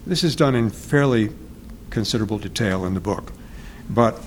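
Author interviewee, male, lowish voice, thoughtful and halting, faint background noise. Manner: halting, searching for words, self-correcting. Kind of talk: reflective interview talk.

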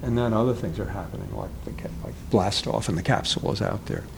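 A man interviewed as an author speaks haltingly and reflectively, frequently searching for the right words. His voice is lowish and creaky, with a noisy background behind him.

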